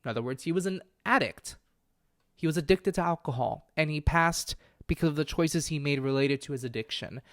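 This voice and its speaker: A man's voice: on the high side, brisk, no room sound. Earnest man in dry close sound. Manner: earnest, impassioned, self-correcting. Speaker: podcast host. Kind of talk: solo podcast monologue.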